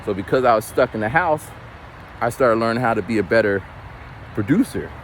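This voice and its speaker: A man's voice: medium pitch, animated, brisk, a little hiss or hum. A man in his forties rambling casually while walking outdoors, loose and unpolished, swearing now and then. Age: 40s. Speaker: vlogger.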